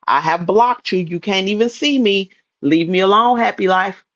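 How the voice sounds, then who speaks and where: A woman's voice: mid-range voice, normal speed, muffled recording. A woman guest in a live chat room, insistently repeating herself in casual chat.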